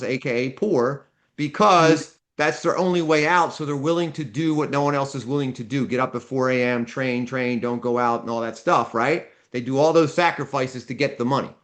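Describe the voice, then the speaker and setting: A man's voice: mid-range voice, moderate pace, hardly any pauses, a bit bright. A man teaching a live seminar, blunt and direct, tossing questions at the class and answering them himself. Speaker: seminar instructor.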